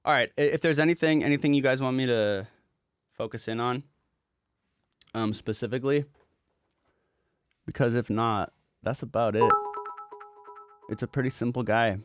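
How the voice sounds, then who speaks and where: A man's voice: mid-range voice, normal speed, long pauses, smooth, no echo. A man who is a music producer, walking through a project in a casual livestream, talking loosely and rambling with casual swearing.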